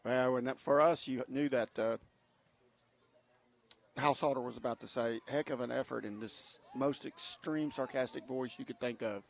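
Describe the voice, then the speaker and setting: A man's voice: medium pitch, normal speed. A male color commentator chatting casually about plays during a local radio football broadcast. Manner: relaxed, conversational analysis.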